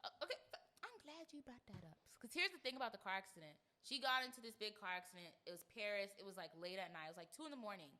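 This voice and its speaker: A woman in her twenties hosting a podcast, chatting casually in an animated, slangy way and swearing freely. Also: mid-range voice, quick pace, hardly any pauses. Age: 20s. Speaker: podcast host. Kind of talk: casual chat.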